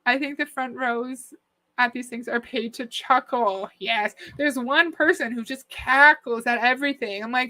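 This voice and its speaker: A woman's voice: fairly high pitch, a little slow, pushed and bright. A woman hosting a reaction commentary, chatting skeptically and reading out viewer comments. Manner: skeptical, conversational, often laughing. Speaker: commentary host.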